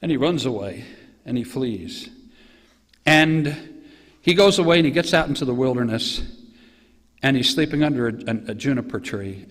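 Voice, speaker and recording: Lively American pastor in a reverberant church. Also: male voice, medium pitch. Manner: animated storytelling, mocking asides and acted quotes. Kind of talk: sermon. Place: church sanctuary. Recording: live church stream with long hall reverb.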